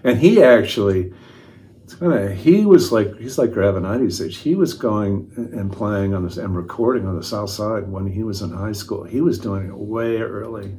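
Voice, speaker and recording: A man in his sixties from Chicago, a guest musician telling animated stories in casual conversation. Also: fairly low pitch, normal speed, a little hiss or hum. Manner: animated anecdotes, mimics people's voices. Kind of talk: casual storytelling.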